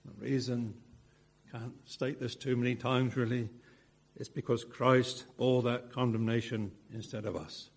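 Slow, husky-voiced male preacher. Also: mid-range voice, steady tone. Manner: measured, emphatic phrasing with rhetorical asides. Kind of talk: expository sermon.

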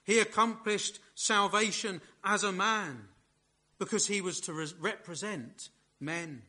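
A man preaching a sermon in a measured, emphatic way, leaning hard on key words. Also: sits high, bright, forceful tone.

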